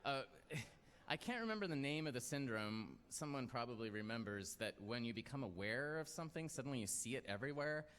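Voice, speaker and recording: A man's voice: mid-range voice, animated, fairly quick, fairly bright tone, clean tone. Rambling self-deprecating male host. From United States. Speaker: storytelling show host. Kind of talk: personal storytelling to a live audience. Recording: long hall reverb.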